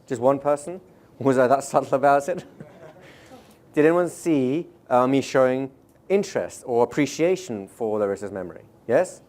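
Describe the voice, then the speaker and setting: A seminar trainer, male, addresses a live audience in a quick, chatty manner, checking in with the room often and now and then slowing way down to demonstrate a point. His voice sits in the mid range, expressive and somewhat dark in tone.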